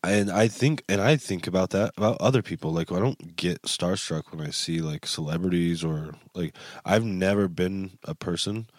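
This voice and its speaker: Deep-voiced laid-back man on a podcast. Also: normal speed, few pauses, no room sound, studio quality. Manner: laid-back, swears freely, lots of agreeing fillers. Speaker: podcast co-host. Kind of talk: casual chat.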